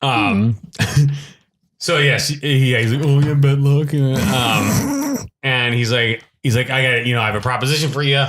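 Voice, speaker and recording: A man's voice: medium pitch, a little slow, fairly bright tone. A man co-hosting a podcast who retells a film scene by scene in casual chat, acting out the characters' lines as he goes. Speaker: podcast co-host. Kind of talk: casual movie review chat. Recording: echoey room with light noise.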